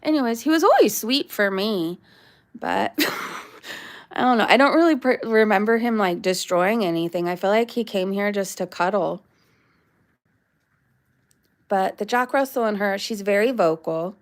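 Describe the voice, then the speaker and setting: A woman's voice: mid-range voice, measured pace, long pauses. A woman vlogging live from her backyard, chatting in a meandering way and breaking off to scold her dog. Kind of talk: casual rambling chat. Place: backyard, outdoors.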